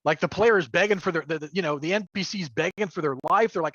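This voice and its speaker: A man with a slightly high voice chats as a game-master guest on a livestream. He rambles, stacks up fillers and chuckles between thoughts. His sound comes through a remote call mic and is muffled, lo-fi and dry. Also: fast talker, few pauses, fairly bright tone, no room sound. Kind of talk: casual livestream chat. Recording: dull lo-fi call audio.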